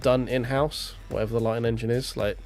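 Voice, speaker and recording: A man's voice: medium pitch, fairly even intonation, a little fast, a little mellow, soft background music. A millennial man, ranting bluntly and swearing freely in casual stream chat. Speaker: sim racing streamer.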